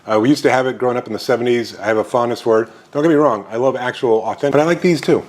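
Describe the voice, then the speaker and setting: A man's voice: mid-range voice, rapid-fire, a little mellow. A man in his fifties from the United States hosting a casual chip review vlog in an upbeat, chatty way. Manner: upbeat, chatty, lots of happy exclamations. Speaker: snack review host.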